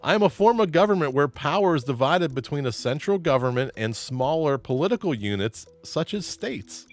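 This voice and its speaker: A man's voice: on the high side, expressive, normal speed. A man hosting a trivia game show, reading clues and joking playfully with the players, laughing often.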